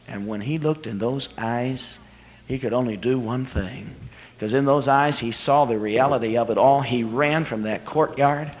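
A male preacher giving a sermon at a convention, retelling a story dramatically and swinging from hushed to climactic. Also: mid-range voice, normal speed, low-quality recording.

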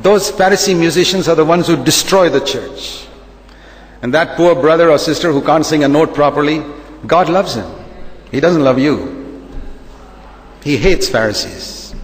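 Emphatic preacher, echoey hall. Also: male voice, a little high, moderate pace, long pauses. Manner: emphatic, repetitive preaching with rhetorical questions. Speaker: pastor. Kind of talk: sermon.

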